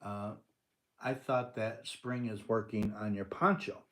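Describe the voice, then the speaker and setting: A man's voice: on the low side, steady tone, a little slow, fairly bright tone. An older man hosting a casual live stream, answering viewers and teasing them playfully, often laughing. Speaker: livestream host.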